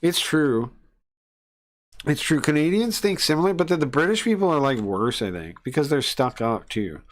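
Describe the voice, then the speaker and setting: A man's voice: fairly high pitch, sing-song, normal speed. Profane ranting man streamer. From United States. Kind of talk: casual stream rant.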